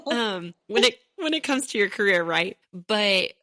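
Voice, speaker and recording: A woman's voice: mid-range voice, lively intonation, a little slow, pushed and bright, no room sound, studio quality. A woman hosting a podcast, asking a guest questions in casual conversation. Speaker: podcast host. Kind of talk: casual interview.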